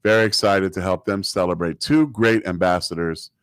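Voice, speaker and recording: A man's voice: low-pitched, moderate pace, clean tone, dry recording. A man chatting casually as a guest, upbeat and jokey, talking up local events. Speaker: chamber of commerce guest. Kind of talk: casual chat.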